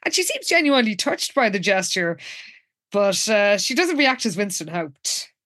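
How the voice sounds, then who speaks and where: A woman's voice: mid-range voice, big pitch swings, moderate pace, a bit bright, no echo, studio quality. Wry woman narrating plot beats. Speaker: podcast co-host. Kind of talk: casual recap chat.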